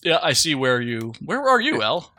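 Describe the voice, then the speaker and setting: A man's voice: fairly high pitch, big pitch swings, normal speed, sharp tone, no echo. A man co-hosting a podcast, playful and teasing in casual gameplay chat. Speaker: podcast co-host.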